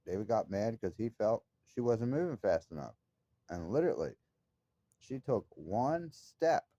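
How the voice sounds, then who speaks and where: A man's voice: lowish voice, mellow, no room sound, dull audio. A man talking straight to his viewers in a casual monologue, telling an upsetting story in an agitated, emphatic way with frequent swearing. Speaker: vlogger.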